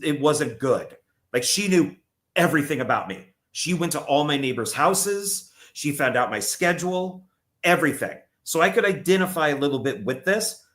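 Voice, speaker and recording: A man's voice: fairly high pitch, pushed and bright. A man on a podcast casually recounting a film plot at length, often stumbling and restarting his sentences. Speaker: podcast co-host. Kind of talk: casual movie review chat.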